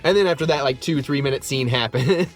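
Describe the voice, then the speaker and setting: A man hosting a movie review, chatting excitedly and casually, swearing and laughing often. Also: mid-range voice, fast, faint music behind.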